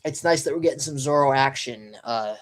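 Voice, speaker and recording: A sleepy, yawning man doing a casual live read-through and reaction, pausing often with ums and restarts. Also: medium pitch. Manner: halting, stops often with ums and restarts while reading. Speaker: live manga reaction streamer.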